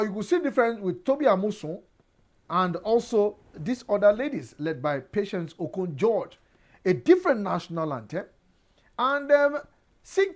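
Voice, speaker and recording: A woman's voice: medium pitch, darkish tone. Hesitant woman hosting sports news. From Nigeria. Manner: halting delivery full of "uh" fillers, starts sentences with "now". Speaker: sports show host.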